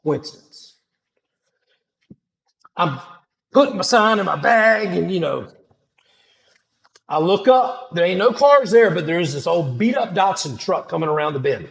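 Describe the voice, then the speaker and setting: Animated man telling a dramatic testimony. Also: high-pitched, measured pace, gravelly, pauses often. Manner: animated, dramatic, casual slangy speech. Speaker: storyteller sharing a testimony. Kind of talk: personal testimony storytelling.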